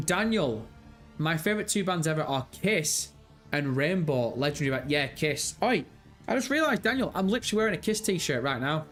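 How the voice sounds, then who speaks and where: Faint music plays behind a young Birmingham-accented man in his twenties, an English livestream host reading out viewers' comments. His fairly high, slightly bright voice is animated and normally paced as he rambles and swears freely.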